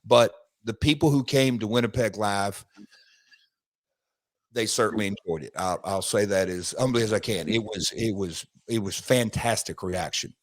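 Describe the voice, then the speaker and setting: A man, co-hosting a podcast, telling animated stories and repeating himself as he goes. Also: fairly low pitch, moderate pace, dry recording. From United States. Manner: animated storytelling, rambling with restarts. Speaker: podcast co-host, former wrestler. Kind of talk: casual podcast chat.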